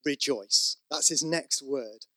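A man's voice: medium pitch, slow, sharp tone, no echo. A man preaching a sermon, conversational with asides, rising to emphatic repeated exhortations. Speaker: pastor.

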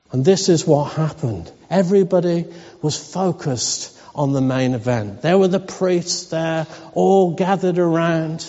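A man's voice: on the high side, dark tone. A man giving a sermon in a wry, conversational storytelling manner. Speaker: preacher. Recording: dull recording in a reverberant hall.

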